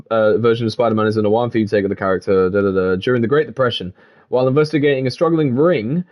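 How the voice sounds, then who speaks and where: Brief: male gaming commentator, animated, swings his pitch around, laughs often and swears freely, reads text aloud between reactions. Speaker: gaming video creator.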